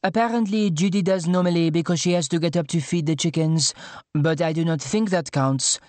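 Male narrator playing a fussy mother, higher lilting voice, scolding, brisk, dry close sound. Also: steady tone, a little mellow, no room sound, natural voice. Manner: brisk, dismissive, motherly nagging. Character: fussy French mother, middle-aged, scolding. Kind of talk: audiobook character voice.

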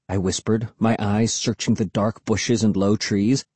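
A man narrating an audiobook in an expressive, suspenseful storytelling manner. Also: fairly low pitch, normal speed, hardly any pauses, slightly rough, dry recording. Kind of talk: scripted narration.

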